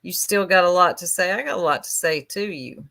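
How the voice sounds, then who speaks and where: A woman's voice: fairly low pitch, fairly quick, vocal fry, bright, forceful tone. A woman in casual livestream chat, gossiping in a chatty, catty, drawling way.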